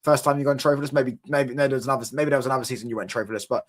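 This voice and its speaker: Speaking at a racing clip, this young man hosts an easygoing football stream and talks excitedly to chat. His voice is mid-pitched, and his talk is thick with fan lingo and repeated "do you get what I'm saying."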